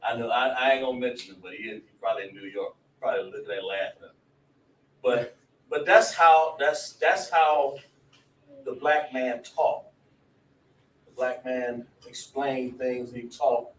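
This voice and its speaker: A man teaching a religious class in a casual, animated way, laughing and drawing call-and-response from his students. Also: medium pitch, a little slow. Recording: echoey room, voice from a distance, faint noise.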